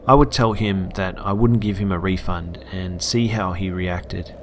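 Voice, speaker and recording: A young Australian man narrating a scary true story for his channel in a steady, earnest manner. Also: low-pitched, a little slow, a little hiss or hum. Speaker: YouTube storyteller. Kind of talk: reading a scary story aloud.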